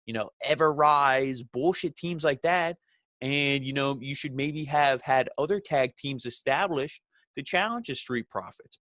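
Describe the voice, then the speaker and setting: A man's voice: medium pitch, a bit bright, no room sound, clean studio sound. A man giving a casual, sarcastic and profane spoken review of a wrestling show, often mocking the wrestlers with put-on voices. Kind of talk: casual recap commentary.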